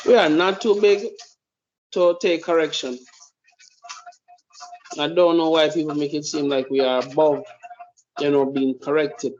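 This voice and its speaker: A man's voice: a little high, a little hiss or hum. A man giving blunt, profane opinionated commentary as a podcast host. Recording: dull lo-fi recording.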